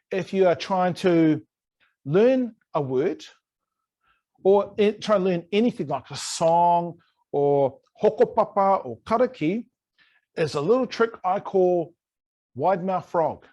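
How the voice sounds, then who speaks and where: Brief: a male New language teacher, playful and a touch high-voiced, drilling words over a video call. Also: animated, unhurried, a little mellow, highs cut off. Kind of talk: online language lesson.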